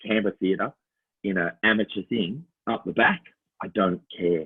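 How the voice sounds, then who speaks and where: A man's voice: fairly low pitch, moderate pace, breathy edge. A middle-aged man with an Australian accent, co-hosting a casual chat and telling stories with lots of laughs and little voices. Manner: animated storyteller, laughs often, slips into voices. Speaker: podcast co-host. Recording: tinny phone-line sound.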